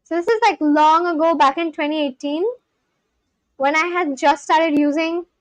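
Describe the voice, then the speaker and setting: Woman, high voice, dry sound, loose streaming chat with lots of restarts. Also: fairly even intonation, moderate pace, no echo. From India. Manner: thinks aloud, answers chat questions, repeats practice phrases with many restarts. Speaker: livestreamer learning a language. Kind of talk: casual live-stream chat.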